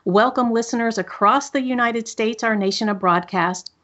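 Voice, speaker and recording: A woman's voice: fairly high pitch, moderate pace, fairly bright tone, dull audio. A woman hosting a solo podcast at a studio microphone, upbeat, reflective and encouraging as she talks to listeners. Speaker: podcast host.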